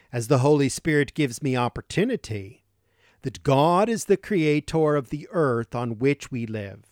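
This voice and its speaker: A man hosting a Christian radio broadcast, delivering a scripted Bible teaching in a deliberate way and slowing down to stress key words. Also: medium pitch, no room sound, studio quality.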